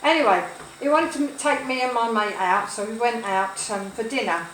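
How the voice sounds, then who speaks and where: A gossipy woman in her sixties with a fairly high voice rambles through stories as she cooks, tripping over her own sayings. She sounds echoey in a kitchen where a pan fries loudly behind her. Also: moderate pace, a little hiss or hum. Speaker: cooking vlogger. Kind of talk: chatty storytelling while cooking. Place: home kitchen, food sizzling. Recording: echoey kitchen with loud frying.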